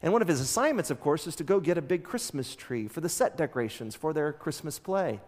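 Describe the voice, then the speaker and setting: A man preaching a sermon as pastor, telling stories in an animated way and acting out the characters' lines. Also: on the high side, fairly quick, in a large hall. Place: church sanctuary.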